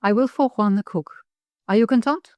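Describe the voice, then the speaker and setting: A woman voicing a fussy French governess with a shrill French accent and stilted, broken phrasing. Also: a little fast, a little mellow, dry recording, lightly acted.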